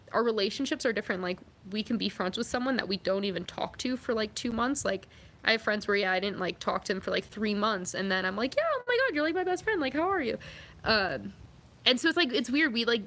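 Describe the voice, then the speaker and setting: A woman's voice: mid-range voice, pushed and bright. A young woman vlogging, chatting casually and reading out viewer comments, upbeat and full of fillers. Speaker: vlogger and athlete.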